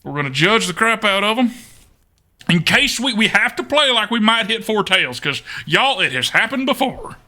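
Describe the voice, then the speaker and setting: Male streamer, put-on Texan drawl, higher pitch, playful commentary. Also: very animated, normal speed, pushed and bright. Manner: playful, joking with chat, laughs often. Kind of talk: live-stream card game commentary.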